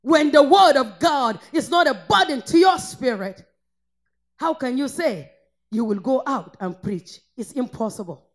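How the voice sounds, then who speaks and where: A woman from northern Nigeria, preaching a fervent sermon that swings between shouted praise and low, intense rebuke. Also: expressive, measured pace.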